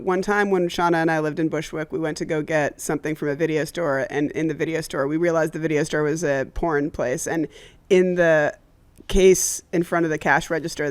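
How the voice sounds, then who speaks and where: A woman co-hosting a comedy podcast, chatting casually and joking with quick bursts of laughter. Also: low voice, steady tone, no room sound. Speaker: podcast co-host.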